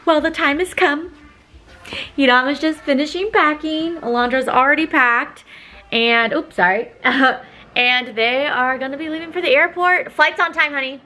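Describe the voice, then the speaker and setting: A mom vlogger in her thirties chats casually to her phone camera indoors at home, speaking with feeling and laughing often. Her voice is high-pitched, bright and forceful, at a moderate pace.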